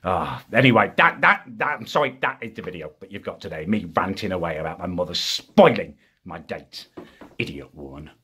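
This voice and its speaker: A man's voice: low voice, lively intonation, fairly quick, pushed and bright, slightly rough, full character voice. A young British man playing a petty, self-pitying vlogger who rants in a whiny, aggrieved way, always tagging on "right?". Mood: ranting. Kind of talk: ranting comedy character vlog.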